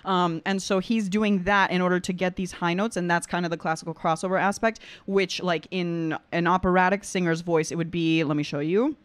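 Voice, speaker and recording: A young adult woman, an opera singer, giving casual reaction commentary, excitable and gushing at times, and explaining singing technique in a chatty teaching way. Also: on the low side, a little hiss or hum. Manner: excitable, gushing, with quick bursts of praise.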